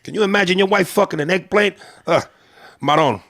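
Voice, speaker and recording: A man's voice: high voice, brisk, a bit bright, dry recording, clean studio sound, voice pushed up. A man doing a brash old Italian-American guy. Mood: gossiping. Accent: Italian-American New York. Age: older. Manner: brash, profane storyteller.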